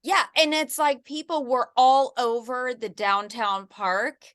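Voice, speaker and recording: Enthusiastic woman host, slightly high. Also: fairly even intonation, slow, fairly bright tone, clean tone, no echo. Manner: enthusiastic, riffing on ideas. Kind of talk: casual chat.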